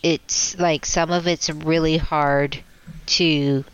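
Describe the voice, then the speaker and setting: A woman's voice: low voice, steady tone, takes it slowly, highs cut off, slight background noise. A woman co-hosting a casual podcast, hesitant and searching for her words.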